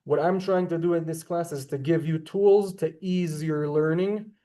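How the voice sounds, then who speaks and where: A man's voice: fairly high pitch, steady tone, normal speed, mellow. A man teaching a Hebrew class over a video call, talkative and courteous, often apologizing and saying ma'am. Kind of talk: online class lecture.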